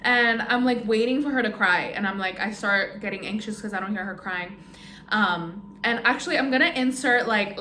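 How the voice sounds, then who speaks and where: A woman's voice: medium pitch, bright, forceful tone, a little hiss or hum. A young woman vlogger casually telling her birth story, rambling with lots of "um" and "like". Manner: rambling, many fillers like "um" and "like". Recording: roomy echo.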